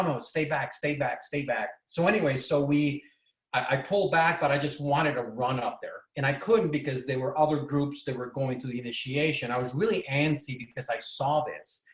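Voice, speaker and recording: A man from Bolivia telling a personal story in an excited, rambling way, often restarting his sentences. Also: a little high. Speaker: presenter. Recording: echoey room.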